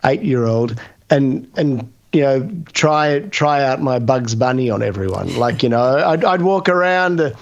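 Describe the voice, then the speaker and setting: A man chats about voice work in a relaxed, reflective way. His pitch sits in the middle range for a man. The recording sounds dull and lo-fi, as if the top end has been cut off. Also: a little slow, vocal fry. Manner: chatty and reflective. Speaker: voice actor guest. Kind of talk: casual interview chat. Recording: dull lo-fi audio.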